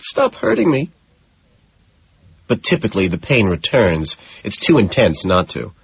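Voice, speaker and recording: A man reading an audiobook in scripted narration, slow and matter-of-fact. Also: fairly low pitch, a bit bright, slightly rough, highs cut off.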